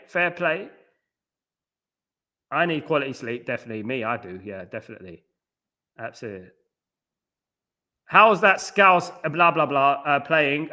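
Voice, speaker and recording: Bright-voiced man hosting a late-night football watchalong. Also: fairly high pitch. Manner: rambling, reads viewer comments aloud and answers them; blunt and scornful about the match. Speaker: watchalong host. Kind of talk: live football watchalong chat.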